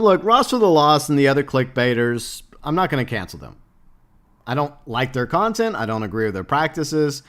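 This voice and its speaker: A man hosts a casual live stream in a rambling, blunt manner. He reads out viewer comments, talks through plenty of fillers and restarts, and swears freely. His voice sits at an ordinary middle pitch. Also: fairly bright tone. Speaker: livestream host.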